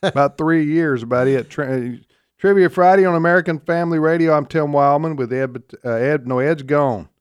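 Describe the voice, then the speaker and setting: A man's voice: fairly high pitch, moderate pace, clear, resonant tone, no echo, studio quality. A man hosting a call-in trivia radio show in a folksy manner, taking callers and reading out phone numbers. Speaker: radio host. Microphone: studio mic.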